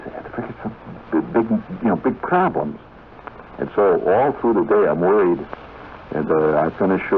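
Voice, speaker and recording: Man, deep voice, radio storyteller, rambling, chatty asides, tinny old broadcast. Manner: rambling, conversational, asides to the listener. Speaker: radio host. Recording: tinny 1970s radio broadcast with faint hiss.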